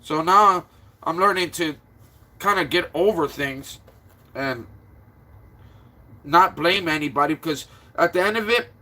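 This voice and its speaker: Man from Florida, livestream chat, bright voice, highish pitch, stressed, rambling. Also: measured pace, pauses often. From Florida, USA. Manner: rambling, talks to viewers, turns low and subdued.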